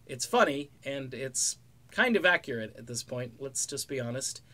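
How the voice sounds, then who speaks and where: A man's voice: medium pitch, expressive, normal speed, bright, forceful tone. A middle-aged man giving casual, rambling commentary on music news with sarcastic jokes and asides.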